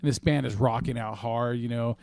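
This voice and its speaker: Casual male podcast co-host, mid-pitch, swears freely, rambles, dry sound. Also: steady tone, a little fast, gravelly, darkish tone, no echo. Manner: profane storytelling, many fillers. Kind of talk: casual chat.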